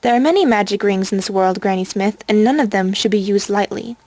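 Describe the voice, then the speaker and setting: A woman voicing a serious, wise female unicorn, speaking calmly and firmly. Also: medium pitch, brisk, no room sound, lightly acted. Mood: grave.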